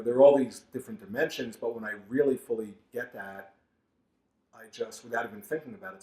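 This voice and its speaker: Guy author telling stories to a crowd, earnest, mid voice, echoey big room. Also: medium pitch. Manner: earnest, loud at the start and softer later. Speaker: author giving a book talk. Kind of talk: storytelling talk to an audience. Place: large bookstore event room. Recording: roomy echo.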